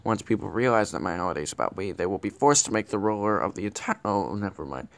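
A man with a lowish, creaky, expressive voice talks fast as the host of a comedic character vlog. He plays a bumbling, scheming villain with a web show, rambling, stumbling and correcting himself as he goes.

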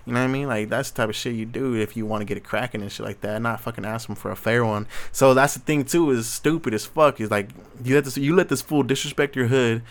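A man's voice: mid-range voice, fast, few pauses. A man hosting a solo podcast, ranting casually with blunt opinions, heavy street slang and constant swearing. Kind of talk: casual commentary rant.

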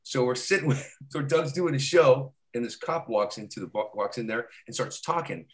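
A man's voice: medium pitch, animated, moderate pace. A man, a comedian guest, telling rambling stories in casual talk and often tagging "right?". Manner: rambling, constantly adds "right?"; laughs while telling stories.

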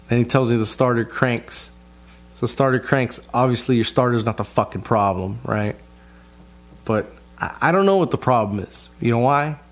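Male vlogger, frustrated rambling storyteller, profane and loose. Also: mid-range voice. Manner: profane, frustrated, rambling with many restarts and fillers. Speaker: vlogger telling a family story. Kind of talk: casual rambling monologue. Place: lives in Texas.

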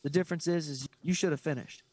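A man's voice: a little high, fast, darkish tone, husky, dry recording. A man co-hosting a casual podcast chat, blunt and profane, ranting with strong opinions. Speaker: podcast co-host.

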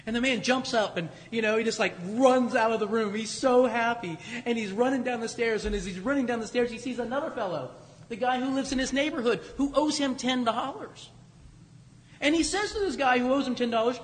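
A man preaching a sermon to a congregation in a church, emphatic, repeating key phrases and slowing down to stress them. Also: very high-pitched, lively intonation, a little hiss or hum. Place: church sanctuary. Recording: long church reverb.

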